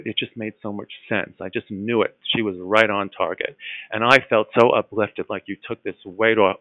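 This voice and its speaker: A man's voice: fairly low pitch, dry recording. A man telling a personal story in a casual, earnest way, with many fillers and restarts and growing enthusiasm. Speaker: guest telling his story. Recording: tinny phone-like line.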